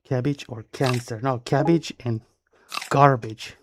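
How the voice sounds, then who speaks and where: A man's voice: medium pitch, fairly even intonation, unhurried. A man from Romania with a Romanian accent, chatting playfully with viewers as a live game streamer, punning and repeating his phrases. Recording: noisy stream audio with clicks.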